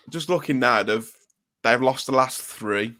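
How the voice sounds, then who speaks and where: A man at mid pitch leads a relaxed football podcast with friends. He chats loosely and slows down to read through names one by one. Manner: reels off player names slowly while reading a list. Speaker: podcast host. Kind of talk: casual football chat.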